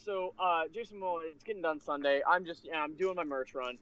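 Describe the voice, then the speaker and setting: Man, fairly high bright voice, rambling animated storyteller, muffled lo-fi sound. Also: brisk. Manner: rambling, animated, with laughs and restarts. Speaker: podcast guest telling a convention story. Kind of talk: casual storytelling chat. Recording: lo-fi muffled recording.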